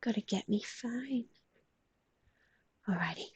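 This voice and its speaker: On a live stream with heavy background noise, a young Australian woman talks slowly in a mid-range voice. Her chat is casual and affectionate, sprinkled with the odd swear word and frequent half-whispers.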